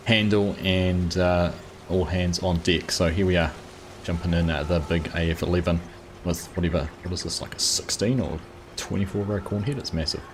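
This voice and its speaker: A man talks casually through a live gameplay stream, welcoming viewers one by one in a relaxed, chatty way. His voice sits low and deep. A faint background hiss runs under the recording. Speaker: streamer, host of a live farming game stream. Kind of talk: casual live-stream commentary while playing.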